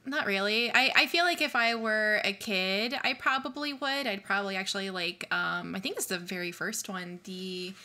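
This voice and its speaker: Bright-voiced woman telling blunt stories. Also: medium pitch, normal speed, few pauses. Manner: animated storyteller, blunt and swearing. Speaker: podcast co-host. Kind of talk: casual chat.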